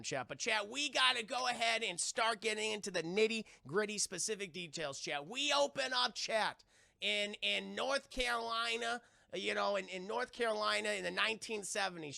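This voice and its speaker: A man's voice: sits high, vocal fry, pushed and bright, no echo. A man rambling through a film review on a live stream, swearing often and talking straight to his chat. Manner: rambling, profane, keeps addressing the chat. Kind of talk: casual live-stream commentary.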